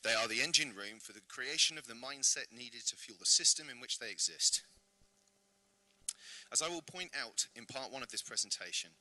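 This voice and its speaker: An earnest man from the UK delivers a prepared presentation with rhetorical questions. His voice is very bright and crisp. The sound is dry and close. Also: mid-range voice, expressive, normal speed, no room sound, poor audio. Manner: earnest, rhetorical, clears throat often. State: slightly out of breath. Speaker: invited speaker. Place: event venue.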